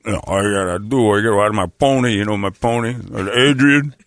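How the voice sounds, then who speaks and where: A man doing an impression of a slow-witted tough-guy action star with a New York Philly accent, mumbling and repeating "you know". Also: lowish voice, natural voice. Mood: rambling.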